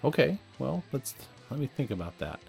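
A man's voice: mid-range voice, very animated, moderate pace, gravelly, darkish tone, soft background music. A man hosting a podcast, talking in a reflective, conversational way and chuckling at himself now and then. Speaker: podcast host. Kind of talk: casual chat.

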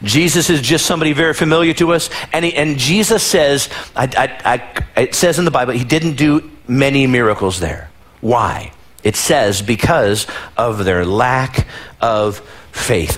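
A pastor preaches a dramatic sermon in a mid-range, fairly bright voice, giving the Bible figures in his story their own voices. He often repeats and restarts his phrases.

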